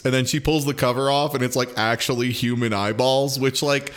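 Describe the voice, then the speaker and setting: A man's voice: medium pitch, steady tone, brisk, hardly any pauses, fairly bright tone. A man co-hosting a podcast, recapping an episode in a rambling, casual way with frequent restarts. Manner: rambling, full of fillers and restarts. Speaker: podcast co-host.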